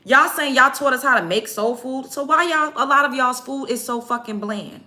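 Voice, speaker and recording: Blunt, profane woman with a bright voice. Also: high voice, normal speed. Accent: African American English. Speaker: vlogger. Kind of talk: get-ready-with-me rant to camera.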